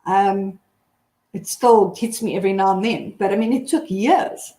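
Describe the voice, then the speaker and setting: A woman hosting a live video call discussion in a casual, soft-spoken way. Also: medium pitch, normal speed. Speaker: host. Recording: roomy echo.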